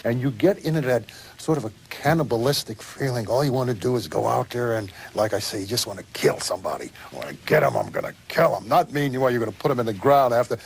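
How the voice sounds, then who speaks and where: Man, quick talker, intense interview recollection, faint background. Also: medium pitch, a little mellow, a little hiss or hum. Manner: intense, fast, emphatic. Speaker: former football player interviewed.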